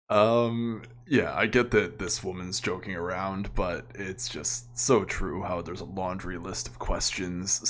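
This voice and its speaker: A man with a notably low voice hosts an offhand reaction commentary. He talks casually and opinionatedly, chuckling often as he goes. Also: a bit bright, slight background noise. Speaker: commentary channel host.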